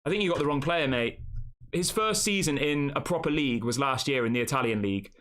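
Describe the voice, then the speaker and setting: Chatty fan show host. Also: male voice, a little high, quick pace, fairly bright tone, slight background noise. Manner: chatty, reads out viewer comments and answers them. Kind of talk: casual live-stream chat.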